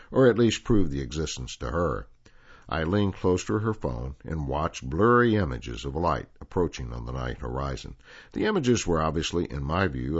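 A man reading articles aloud and then telling a story as host of a reading service program, in a calm, measured way. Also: a bass voice, lo-fi sound. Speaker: volunteer radio reader and host.

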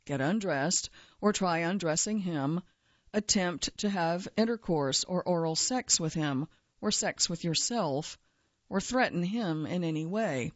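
A woman's voice: lowish voice, lively intonation, a little slow, no echo, lo-fi sound. A woman journalist telling a first-person feature story in a wry, dry way. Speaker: journalist narrator.

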